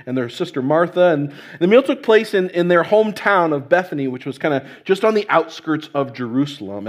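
A man preaching a sermon in a conversational way, often restarting phrases and checking in with "right?". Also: on the high side. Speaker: pastor.

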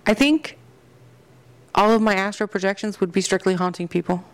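A young woman co-hosts a podcast in loose, casual chat at an ordinary mid-range pitch. She is blunt and jokey, swears freely, and keeps up a running stream of gossip with her co-host. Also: fairly even intonation, moderate pace.

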